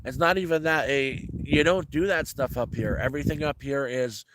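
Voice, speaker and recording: A vlogger at a cold, off-grid rural homestead chats casually to his viewers, rambling, restarting and repeating himself a lot. His voice is fairly high and his pace moderate, with background noise audible.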